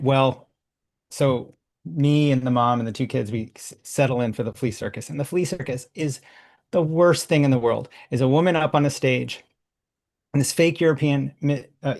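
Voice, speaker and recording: A man hosting a workshop, telling a casual, animated story full of restarts and laughs. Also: mid-range voice, moderate pace. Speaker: workshop host.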